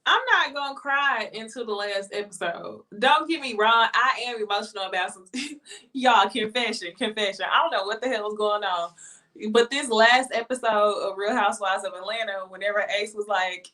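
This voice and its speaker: A woman's voice: mid-range voice, moderate pace, pushed and bright, far from the mic. A woman co-hosting a casual live chat, blunt and joking, with slangy speech. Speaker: co-host.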